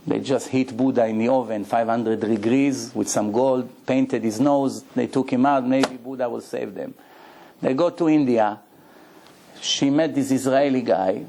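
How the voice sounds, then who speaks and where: A rabbi tells a long story with a gravelly, mellow voice, acting out every exchange as he goes. His English is broken, and he drives the tale forward in the rhythm of a lecture. His tone stays steady and unhurried throughout. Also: medium pitch, slight background noise. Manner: animated storyteller acting out dialogue; broken, non-native-sounding English grammar.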